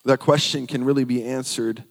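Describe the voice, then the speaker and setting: A man's voice: mid-range voice, fairly even intonation, moderate pace, in a large hall. A man preaching a sermon, reading scripture aloud and repeating phrases for emphasis.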